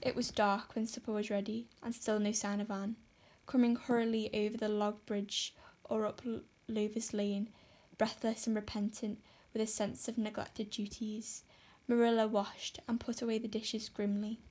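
A woman reading a classic novel aloud as narrator, in a measured way. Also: medium pitch, little pitch movement, a little mellow. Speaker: audiobook narrator. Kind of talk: storybook narration.

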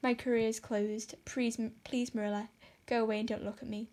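A woman's voice: a little high, little pitch movement, moderate pace, a little mellow, close to an everyday voice. A woman voicing a dramatic, despairing young orphan girl who pleads and exaggerates. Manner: melodramatic, pleading.

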